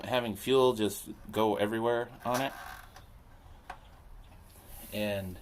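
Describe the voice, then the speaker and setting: A man's voice: medium pitch, a bit bright, slight background noise. A man chatting casually and rambling while he repairs a machine, poking fun at himself as he works. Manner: rambling, self-deprecating, talks to himself while working. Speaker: landscaping business owner repairing equipment. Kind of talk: casual chat while working.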